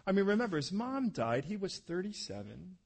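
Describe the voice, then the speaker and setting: A pastor delivers a sermon in a husky voice that sits a little high for a man. He tells stories animatedly, slipping into character voices. Then he drops soft and quiet for the tender moments. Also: very animated, brisk.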